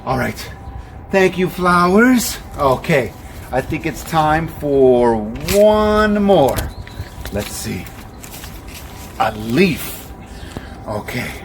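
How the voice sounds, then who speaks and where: A man presenting a children's nature walk, speaking slowly and in an exaggerated, coaxing way that invites kids to join in, recorded outdoors. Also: a little high, big pitch swings. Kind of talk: children's educational walk-along. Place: outdoors by a river. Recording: outdoor noise with passing traffic.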